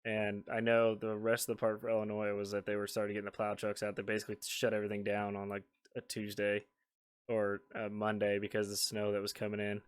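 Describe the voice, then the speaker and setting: A man's voice: on the low side, completely flat delivery, fast talker, clean tone. A man co-hosting a podcast, telling a rambling, amused family story in casual chat. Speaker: podcast co-host.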